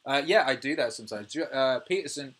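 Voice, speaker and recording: British male streamer in his thirties, casual, profane, animated ranting. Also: mid-range voice, brisk. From United Kingdom. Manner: swears freely, animated rants, laughs often. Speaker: music producer and livestream host. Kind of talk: casual livestream chat reading viewer comments.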